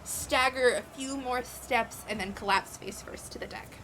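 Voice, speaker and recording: A woman running a tabletop game as game master, narrating the action in an animated way with frequent fillers. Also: a little high, normal speed, noisy background.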